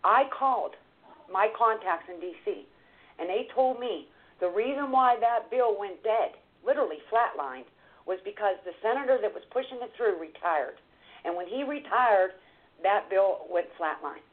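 A woman's voice: medium pitch, moderate pace. Woman storyteller on a tinny phone line. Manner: animated, retells scenes step by step. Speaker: guest author. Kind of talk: emotional storytelling in a call-in talk.

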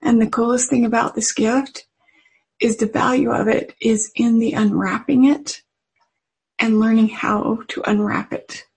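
A woman's voice: fairly high pitch, fairly even intonation, measured pace, vocal fry, breathy edge, poor audio. A woman telling a devotional story in an earnest, tender manner with emotional emphasis. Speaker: religious speaker.

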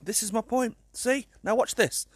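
Chatty, exasperated British vlogger. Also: male voice, extremely high pitch, normal speed, no room sound. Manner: chatty, exasperated, swears and laughs often. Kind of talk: casual chat to camera.

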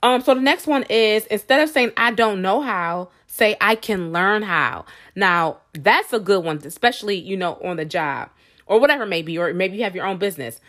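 A woman's voice: mid-range voice, expressive, a little fast, a bit bright. A woman hosting a podcast, talking to her listeners in a casual motivational monologue. She fills her speech with "like" and "you know" and calls her listeners "y'all.". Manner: chatty, many fillers like "like" and "you know". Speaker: podcast host.

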